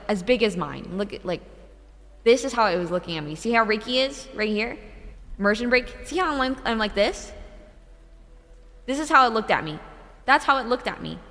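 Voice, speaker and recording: A young woman streamer telling a true ghost story in a casual, animated way, swearing and laughing between lines. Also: medium pitch, big-room sound. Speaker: VTuber streamer.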